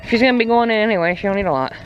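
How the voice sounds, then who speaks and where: A woman's voice: mid-range voice, very fast, lo-fi sound. A woman on a farm, chatting casually and teasing her animals in a playful baby-talk manner. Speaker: farm vlogger. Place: outdoors on a farm with poultry. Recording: noisy outdoor farm audio. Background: clucking chickens and crowing roosters.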